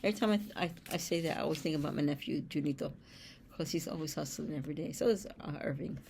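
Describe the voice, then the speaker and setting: A woman with a deep, gravelly, slightly mellow voice talks fast, with a little hiss or hum in the recording. She hosts a spiritual show, reading oracle cards aloud and dropping into blunt, streetwise asides laced with casual swearing.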